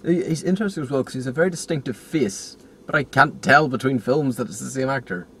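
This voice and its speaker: A man's voice: medium pitch, fast talker, fairly bright tone, a little hiss or hum. A man retelling a film plot in casual chat with a sarcastic, jokey manner.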